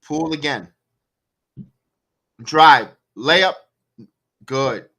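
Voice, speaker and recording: Bright-voiced, excitable man calling the game. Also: a little high, drawn-out words, creaky. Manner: excitable, sarcastic, rants at the coach. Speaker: watch-along play-by-play host. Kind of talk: live fan play-by-play commentary.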